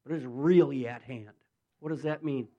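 A man's voice: mid-range voice, moderate pace, dark tone, lo-fi sound. A man preaching a sermon, telling a story with acted-out quotes and building into fervent prayer.

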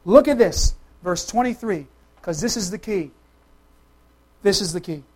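A preacher delivering a sermon in an emphatic, conversational way. The voice swings from loud, forceful declarations to quiet, hushed asides, often turning to the congregation with quick questions. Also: mid-range voice, lively intonation, breathy edge.

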